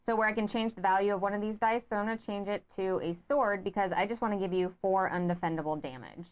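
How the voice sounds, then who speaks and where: A woman co-hosting a board game playthrough in casual chat, excitable and quick to laugh, often calling out to the viewers. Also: medium pitch, clear, resonant tone. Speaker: board game player and co-host.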